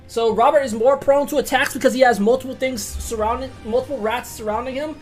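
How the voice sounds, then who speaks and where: A woman narrating a tabletop game as game master, excitable and quick to swear. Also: high voice, faint music behind. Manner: excitable, swears often, bursts of loud reactions.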